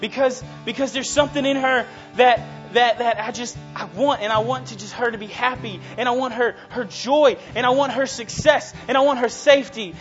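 A man's voice: high voice, normal speed, few pauses, a bit bright, highs cut off, soft background music. A young man in his twenties preaching a casual, earnest sermon that swells into passionate emphasis. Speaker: youth preacher.

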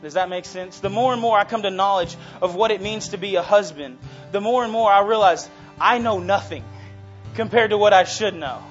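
A man's voice: sits high, a little fast, muffled recording, soft background music. A young man in his twenties preaching a casual, earnest sermon that swells into passionate emphasis. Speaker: youth preacher.

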